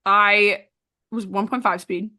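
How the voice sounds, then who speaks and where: Woman, podcast host, bright voice, expressive reader, casual book chat. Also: mid-range voice, slow pace. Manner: reads aloud expressively, chats with restarts and fillers.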